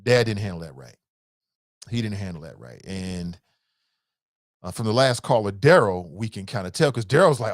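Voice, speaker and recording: A man's voice: fairly low pitch, expressive, moderate pace, long pauses, no room sound, clean studio sound. A man hosting a call-in talk show, giving casual, emphatic commentary in slangy speech, repeating his points and laughing often.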